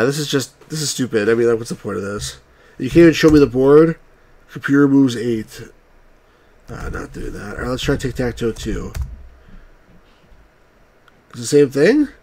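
In this clip a male game reviewer and channel host, with a mid-range, somewhat dark voice, runs a let's-play of old computer games. He reads the on-screen text aloud and throws in wry, grumbling comments.

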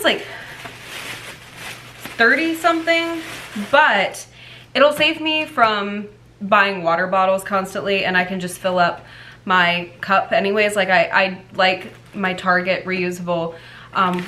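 A bubbly young woman talks straight to her phone camera in a casual vlog. She gushes excitedly and fills her sentences with "like". Her pitch sits in the middle of the range for a woman. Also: a little hiss or hum. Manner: bubbly and gushing, frequent "like" fillers. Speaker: vlogger. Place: at home, in a car and in stores.

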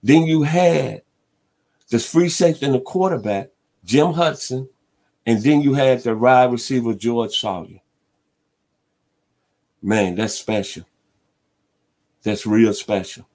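A man's voice: mid-range voice, slow, pauses often. A man hosting a sports talk radio show, retelling an old football game with dramatic flair and chanting crowd cheers along the way. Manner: animated storyteller who chants crowd cheers and hums band tunes.

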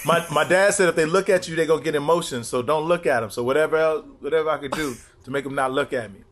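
A man's voice: on the high side, fast, fairly bright tone. A middle-aged man guesting on a comedy podcast, riffing crude stories and jokes. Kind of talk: casual comedic podcast chat.

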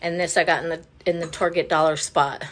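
A woman's voice: low voice, fairly even intonation, a little fast, fairly bright tone, a little hiss or hum. A woman giving a casual, rambling tour of her home decor, a little out of breath and apologetic, filmed on a handheld phone indoors. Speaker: home vlogger. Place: inside a house.

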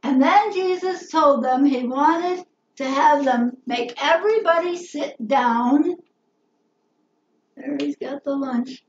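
Slow, expressive woman telling a Bible story. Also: sits high, slight background noise. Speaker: Bible teacher. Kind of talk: children's Bible story lesson. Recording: roomy, slightly dull recording.

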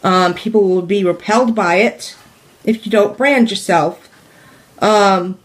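A direct sales business coach, a woman with a mid-range, unhurried voice, teaches during a live stream. She talks casually with many fillers, poses questions to viewers, repeats her points, and laughs lightly.

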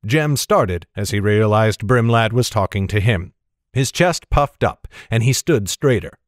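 A man giving steady, measured narration of a fantasy story. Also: fairly low pitch, no echo, clean studio sound. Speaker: audiobook narrator.

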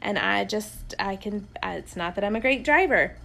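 A woman's voice: mid-range voice, expressive, normal speed, vocal fry, pushed and bright. A woman in her thirties, a homeschooling mother, chatting casually and unscripted to the camera from an armchair at home, rambling through stories and laughing often.

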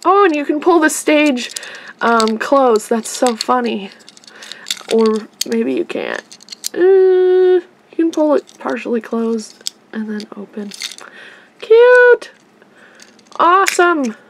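A woman unboxing toys for her vlog, chatting casually and gushing excitedly to her viewers. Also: on the high side, slow pace, a little hiss or hum. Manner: gushing, easily excited, addresses viewers as "you guys". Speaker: toy unboxing vlogger.

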